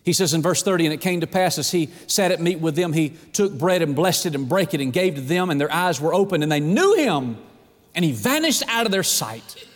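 A high-pitched male preacher delivers a sermon with dramatic swings of voice. He acts out scripture quotes and addresses his listeners as friend. The sound rings with the long reverb of a large hall. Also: lively intonation, brisk.

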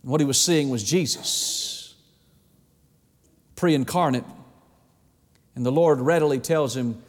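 A middle-aged man preaching a sermon in an animated way, acting out the voices of God and of people. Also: mid-range voice, takes it slowly, long pauses, in a large hall.

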